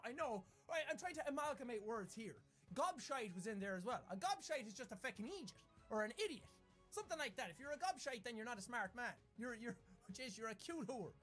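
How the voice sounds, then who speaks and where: A young man with an Irish accent, giving a comedic lesson in Irish slang and jumping into exaggerated quoted voices. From Ireland. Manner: animated, jumps into exaggerated high-pitched quoted voices. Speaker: YouTuber.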